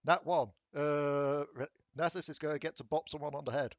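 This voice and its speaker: A man's voice: on the high side, fairly even intonation, no echo, highs cut off. A man running a tabletop game as game master, narrating and rolling dice with a chatty, laughing manner. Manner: chatty, laughs often, quick bursts of rules talk.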